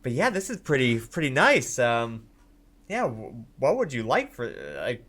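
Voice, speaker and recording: A man voicing an eager female blacksmith, talking in an excited, rambling way about an item. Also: mid-range voice, measured pace, voice pushed up.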